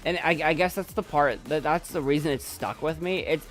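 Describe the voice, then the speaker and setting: A man's voice: a little high, normal speed, fairly bright tone, soft background music. A young man streaming from his desk at home, chatting casually in a rambling, self-doubting way and repeating himself. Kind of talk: casual live-stream chat.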